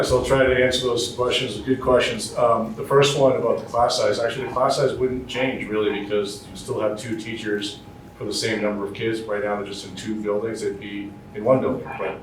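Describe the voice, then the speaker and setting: A man answering residents' questions at a public forum, in a steady, explanatory way. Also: fairly low pitch. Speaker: district official answering questions. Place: large meeting room. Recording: echoey room audio from far off, faint noise.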